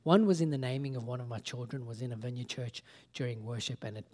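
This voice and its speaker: Animated preacher telling a story. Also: male voice, mid-range voice, quick pace. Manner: animated storytelling, acting out conversations; casual, conversational asides. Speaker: pastor. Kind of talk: sermon.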